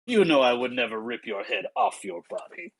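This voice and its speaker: A game master voicing Count Strahd, a suave, menacing aristocratic male vampire, speaking slowly and with courtly politeness. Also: medium pitch, animated, fairly bright tone, slight background noise, close to an everyday voice. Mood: courtly menace.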